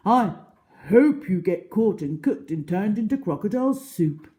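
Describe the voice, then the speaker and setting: A woman voicing an indignant male hippo who loudly scolds a crocodile. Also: mid-range voice, animated, a little slow, voice pushed up, natural voice. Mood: outraged.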